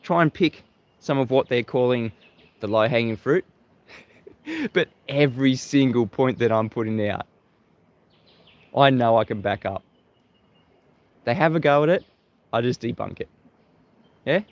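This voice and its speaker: Mocking Australian livestream host. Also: male voice, mid-range voice, animated, measured pace, pauses often. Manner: mocking and combative, laughs often at critics. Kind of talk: live-stream monologue greeting viewers.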